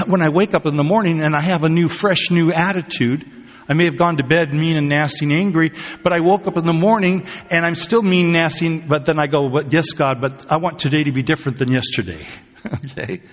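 A man's voice: fairly high pitch, husky. A man preaching a sermon, telling everyday stories in a chatty way with laughs and asides. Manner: conversational storytelling with laughs and asides. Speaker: pastor. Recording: long hall reverb.

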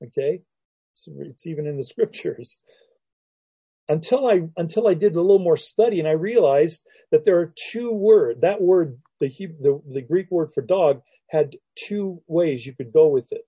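Man, pastor, reflective sermon, husky, dry close sound. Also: on the high side, lively intonation, dry recording, lo-fi sound. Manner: unhurried and reflective, with frequent restarts and soft laughs. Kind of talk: sermon, teaching verse by verse.

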